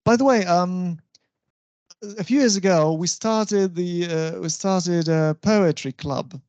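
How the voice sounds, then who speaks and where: Lecturer, slow and patient, checks understanding, dry close sound. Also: medium pitch, darkish tone, dry recording, highs cut off. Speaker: university lecturer. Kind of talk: English stylistics lecture.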